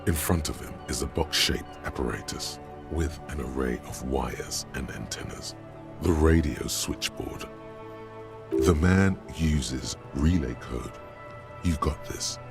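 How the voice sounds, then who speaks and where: A man delivering measured, commanding scripted narration for a video game. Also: very deep voice, vocal fry, over loud music, exaggerated voice.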